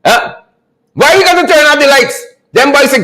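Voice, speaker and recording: A man's voice: very high voice, expressive, moderate pace, bright, forceful tone, poor audio. A man hosting a political commentary livestream, mocking and repetitive in his delivery. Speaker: livestream host.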